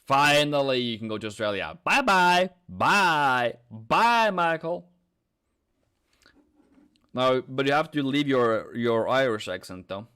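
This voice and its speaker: A man's voice: medium pitch, fairly bright tone, clear, resonant tone. A man hosting a live trading stream, talking through charts and joking with his viewers. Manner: joking banter, drawn-out chart talk.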